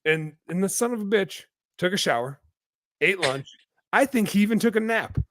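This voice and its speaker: A young man telling a story on a podcast in a casual, animated way, swearing freely and acting out quotes. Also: high voice, normal speed, dry recording, studio quality. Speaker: podcast guest.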